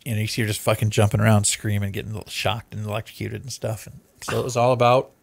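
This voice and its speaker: A man's voice: lowish voice, fast talker, creaky. A man hosting a casual podcast, rambling and swearing as he retells movie plots. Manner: rambling, profane, animated storyteller. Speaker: podcast host.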